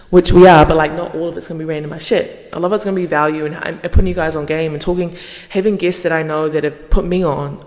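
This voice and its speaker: A young woman hosting her podcast in a casual monologue, swearing freely and yapping in an animated way. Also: low-pitched, long reverb tail. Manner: profane, animated, fast yapping. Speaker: podcast host.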